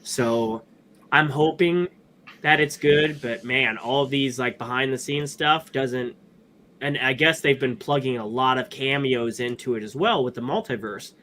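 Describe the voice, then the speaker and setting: A man co-hosting a podcast, talking about movies in a loose, rambling way and often restarting his sentences. His voice is bright and forward. A faint hiss sits behind him. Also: mid-range voice, measured pace. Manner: animated, rambling, lots of restarts and fillers. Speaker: podcast co-host. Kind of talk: casual movie review chat.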